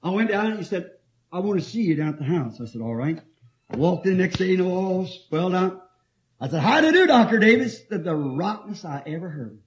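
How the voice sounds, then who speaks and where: A male preacher with a high, lively voice, swinging up and down as he reads scripture and tells stories. He talks emphatically and laughs easily. The sound is dull and lo-fi, like an old tape. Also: fairly quick. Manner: animated, emphatic, often laughing while telling stories. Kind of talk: sermon.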